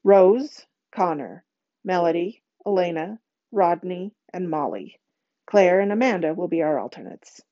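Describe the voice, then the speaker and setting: A woman voicing an eager male teacher, excited and theatrical, with dramatic pauses. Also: fairly low pitch, muffled recording.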